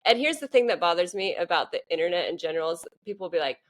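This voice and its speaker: Woman, podcast co-host, casual chat, slightly low pitch, hesitant, giggly. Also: animated, very fast.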